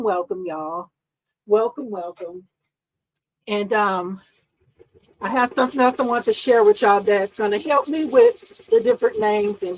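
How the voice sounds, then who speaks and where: A woman's voice: mid-range voice, poor audio. A bubbly, chatty woman, hosting a casual livestream and talking to her viewers. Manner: bubbly, excitable, chatty, often laughing. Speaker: livestream host. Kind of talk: casual live-stream chat with viewers.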